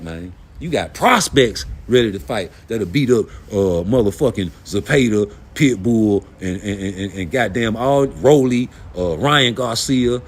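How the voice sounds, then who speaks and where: A middle-aged man, hosting a blunt, profane, heated rant about boxing. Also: a little high. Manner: blunt, profane, animated, rhetorical questions. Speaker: boxing commentary host.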